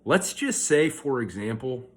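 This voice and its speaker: A man's voice: medium pitch, very animated, a little slow. A young man telling a rambling, self-correcting story in a casual monologue, filmed outdoors at a park. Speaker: vlogger.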